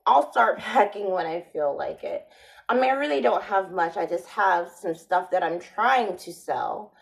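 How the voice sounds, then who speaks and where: Woman, vlogger, casual monologue, sardonic, rambling, slow delivery. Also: mid-range voice, vocal fry, rough recording. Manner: rambling, sardonic, with frequent restarts.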